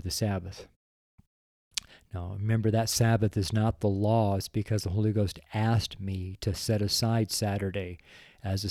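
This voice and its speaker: An older male preacher talks in a warm, mellow voice, earnest and openly emotional. He drifts into folksy asides before returning to his letter and leading a heartfelt prayer. The sound is dry and close, with no room behind him. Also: on the low side, no echo. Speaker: pastor. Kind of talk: sermon read from a weekly letter, with prayer.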